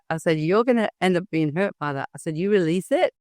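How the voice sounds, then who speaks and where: A woman's voice: on the low side, animated, fast talker, hardly any pauses, darkish tone, no echo, studio quality. A middle-aged woman, a hypnosis trainer, speaking as a guest in an interview, talking earnestly and telling stories with animation and frequent restarts. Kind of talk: candid interview talk.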